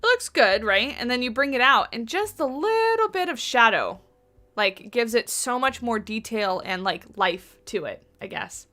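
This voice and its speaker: A little high and very animated, this woman's sharp-toned voice moves at a moderate pace. She livestreams from home while building in a game, rambling and chatting with viewers in chat, speaking into a USB desktop mic on a boom arm.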